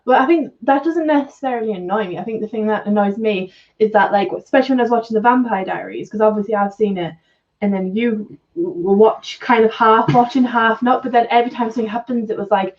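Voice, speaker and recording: A woman's voice: a little high, fast talker, darkish tone, recorded from a distance, dull audio. A woman with a Geordie accent from Northeast England, chatting casually on a livestream and laughing between sentences. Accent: Northeast English, Geordie. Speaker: co-host.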